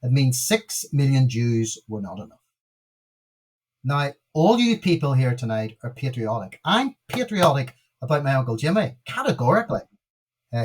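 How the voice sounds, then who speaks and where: A man's voice: medium pitch, darkish tone. A man in his sixties with a Northern Irish accent, a minister telling stories with emphatic, preacherly stress as a podcast guest. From Northern Ireland. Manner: emphatic, preacherly, repeats key words for stress. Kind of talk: storytelling in a podcast interview.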